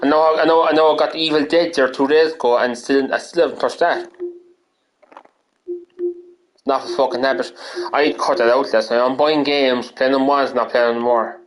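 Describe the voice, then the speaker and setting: A man's voice: mid-range voice, animated, moderate pace, poor audio. An Irish man streaming games and ranting casually, rambling, swearing often and restarting his sentences. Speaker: gaming streamer.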